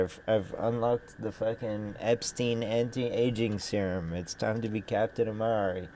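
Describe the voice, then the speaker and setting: Young male streamer, congested, sarcastic rambler; slow, dark tone. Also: fairly low pitch, fairly even intonation, a little hiss or hum. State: congested nose. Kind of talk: casual gaming commentary.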